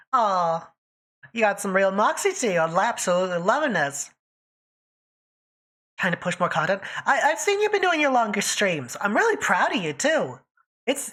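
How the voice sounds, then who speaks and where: A woman's voice: medium pitch, very animated, normal speed, fairly bright tone. A woman streaming live, chatting casually and teasing her viewers by name while she draws.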